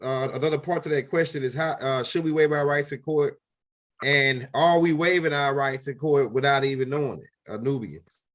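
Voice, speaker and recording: A man in a mid-range voice hosts an interview and reads out the questions in a relaxed, plain way. He sounds casual and easygoing. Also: mid-range voice, normal speed. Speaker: host.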